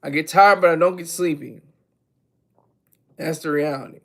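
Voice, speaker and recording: This livestream host is a man with a high-pitched voice who chatters energetically, restarts his sentences, and keeps interrupting himself to talk to the chat. He keeps a steady tone at a moderate pace.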